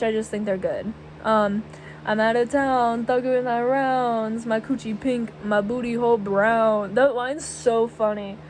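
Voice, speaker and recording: Slow-talking young woman vlogger. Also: fairly high pitch, a little hiss or hum, poor audio. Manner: giggly, rambling, quotes lyrics. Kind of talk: casual music chat.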